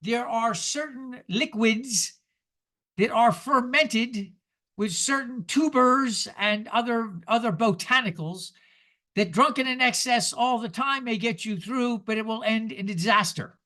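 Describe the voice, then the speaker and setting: A man in his seventies giving a sermon, emphatic and lively, asking the congregation rhetorical questions. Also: very high-pitched, unhurried. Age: 70s. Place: church sanctuary.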